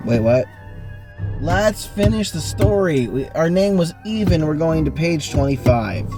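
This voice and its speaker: Over an online voice call, a man hosting an online game reads a choose-your-own-adventure book aloud, slightly slowly and over music. His delivery is animated, with bursts of speed and sudden jumps in pitch.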